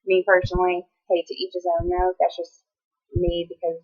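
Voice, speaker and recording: A woman's voice: lowish voice, completely flat delivery, normal speed. A young woman chatting casually to camera, rambling with many ums and restarts, at times close to tears. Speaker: vlogger. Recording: tinny phone-like sound.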